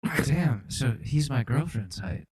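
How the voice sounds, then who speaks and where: Role: podcast co-host. Style: casual comedic chat. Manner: crude, joking, swears freely. Pitch: mid. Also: lively intonation, unhurried, a little mellow, breathy edge.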